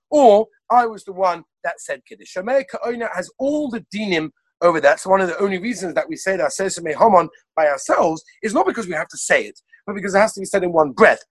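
A man teaching a Torah class over a video call, reeling off sources one after another in an animated way. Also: high voice, breathy edge, no echo, poor audio. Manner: rapid-fire listing of sources, animated. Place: lives in Israel.

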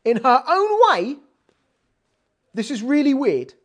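Woman teaching bible verses, kinda high voice, super animated, acts out the quotes. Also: slow pace. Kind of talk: conversational scripture lesson.

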